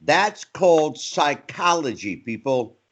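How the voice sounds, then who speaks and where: A man's voice: on the high side, sing-song, slow pace, a bit bright. A man hosting a podcast, chiming in with short agreements and then asking his guest questions. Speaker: podcast host. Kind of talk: casual interview.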